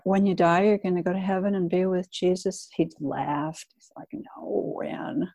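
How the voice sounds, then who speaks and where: Older woman, hospice worker, warm mellow tone, lowish voice, earnest personal storytelling. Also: no echo. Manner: earnest, candid storytelling with laughs. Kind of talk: reflective personal talk.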